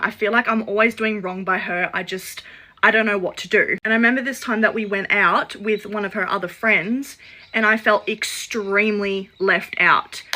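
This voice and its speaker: A chatty woman recounting a personal story in a casual storytime. Her voice is bright and forceful. She acts out the lines of the people in the story and leans on "like" as a filler. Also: medium pitch. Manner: chatty, acts out quoted dialogue; frequent "like" fillers.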